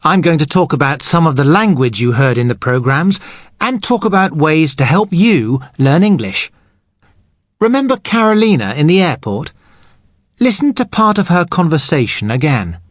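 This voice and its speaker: A man speaking as an English teacher, explaining grammar patiently and clearly for learners. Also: fairly high pitch, sing-song, normal speed, no echo, studio quality.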